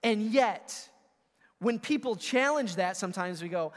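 Pastor delivering a sermon, man with a high voice, booming then hushed, heard in a reverberant sanctuary. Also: expressive, a little slow. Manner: preaching with big swings from booming to hushed; talks directly to the congregation.

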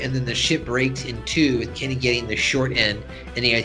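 Bright-voiced man recapping casually. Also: medium pitch, brisk, few pauses, faint music behind. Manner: animated retelling, chatty. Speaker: podcast co-host.

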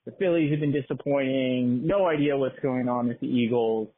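A man leaving a voicemail for a podcast, ranting in a fast, exasperated way. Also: medium pitch. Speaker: caller. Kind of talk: phoned-in voicemail rant. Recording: tinny phone line with faint noise.

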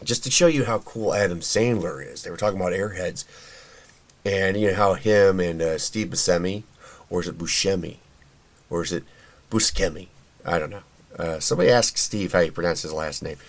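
Low-voiced man rambling. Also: fairly quick. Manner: chatty and opinionated, with frequent fillers and restarts. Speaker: podcast host. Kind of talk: casual solo commentary.

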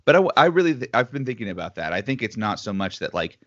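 A man's voice: on the low side, sing-song, fast talker, a bit bright. A man co-hosting a casual podcast chat, thinking aloud with lots of fillers. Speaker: podcast co-host. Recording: slightly dull lo-fi audio.

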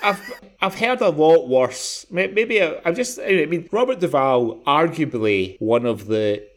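A man's voice: on the high side, expressive, unhurried. A Scottish man co-hosting a casual podcast, rambling and laughing often as he talks. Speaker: podcast co-host. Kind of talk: casual chat.

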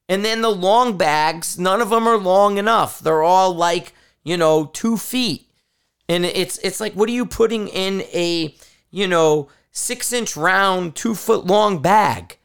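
A man's voice: a little high, a bit bright, clean tone. A middle-aged man hosting a podcast, ranting in a casual, rambling way and swearing often out of frustration. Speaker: podcast host. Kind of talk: casual solo rant.

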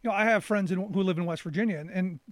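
A man's voice: high-pitched, fast, no room sound. A man hosting an interview, asking questions eagerly and often restarting his sentences. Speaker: interview host. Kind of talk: casual interview chat.

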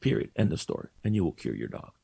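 A man quoting a blunt, gruff older male dog trainer who gives curt, profane orders. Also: sits low, very animated, quick pace, warm tone, no room sound, voice pushed down, full character voice. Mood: firm.

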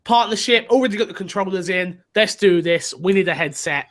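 A man's voice: high-pitched, fairly quick, fairly bright tone. A man co-hosting a gaming podcast, chatting casually with an upbeat manner and reading out listener emails. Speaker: podcast co-host.

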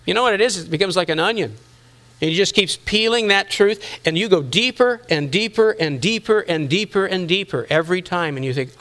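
A middle-aged man preaches a sermon in a high, bright voice. He keeps it conversational, teasing his listeners and acting out the thoughts people have. His delivery is lively and personal. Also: a little fast. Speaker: pastor.

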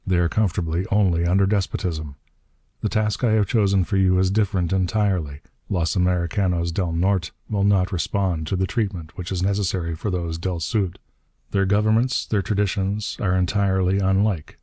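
A man doing a gentle old villain mastermind. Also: low voice, flat delivery, fairly quick, dry recording. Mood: persuasive. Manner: gentle, soft-spoken, suave. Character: elderly benevolent-seeming male villain mastermind.

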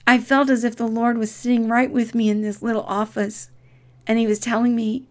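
Earnest middle-aged woman, slow and soft. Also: on the high side, level tone. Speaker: speaker giving a devotional. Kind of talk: reflective devotional talk.

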